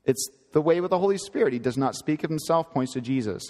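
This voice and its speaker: A man's voice: on the high side, lively intonation, fast, dark tone, long reverb tail. A man preaching a sermon in an earnest, emphatic teaching manner, often repeating and correcting himself.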